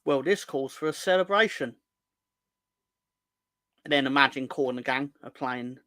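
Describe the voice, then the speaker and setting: This football fan show host is a young man with a mid-range voice, a sharp tone, and a moderate pace, recorded dry. Reading the chat aloud, he jokes, rambles, and teases his livestream viewers in a casual way.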